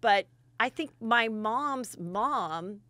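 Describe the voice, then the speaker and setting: बातूनी, चटपटी गपशप करती महिला होस्ट. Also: female voice, a little high, very slow, no echo. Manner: gossipy, animated storytelling with loud laughing impressions. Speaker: podcast host. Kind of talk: casual comedic chat.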